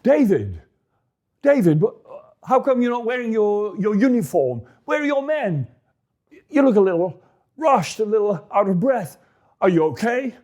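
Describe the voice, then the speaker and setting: A man voicing a flustered, anxious male high priest in a retold story. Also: very animated, unhurried, a little mellow. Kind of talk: storytelling voice acting.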